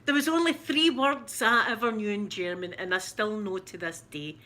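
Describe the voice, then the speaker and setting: A woman's voice: mid-range voice, normal speed, bright, forceful tone. A middle-aged Scottish woman hosting a casual live chat with viewers, rambling and giggling with many restarts. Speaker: ASMR livestream host.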